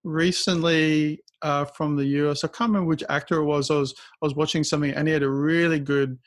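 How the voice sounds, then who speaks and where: A man hosting a podcast, friendly and teasing with his guest and quick to laugh. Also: on the high side, level tone. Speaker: podcast host. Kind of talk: casual podcast chat.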